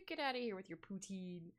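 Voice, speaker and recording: With faint background music at her home setup, a female art streamer draws while chatting, giggling and rambling as she reads and replies to viewers. Her medium-pitched voice is very animated and moves at a moderate pace.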